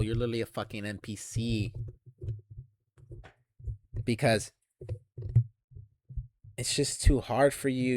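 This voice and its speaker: A young man ranting to camera in an aggressive, taunting, heavily profane monologue that swells into shouts. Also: medium pitch, dry recording, studio quality. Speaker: channel host.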